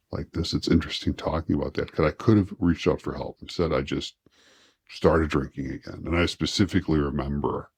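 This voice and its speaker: Man, very low voice, dry close sound; candid interview guest, thoughtful and halting. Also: creaky, darkish tone, no echo. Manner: reflective, halting, with restarts.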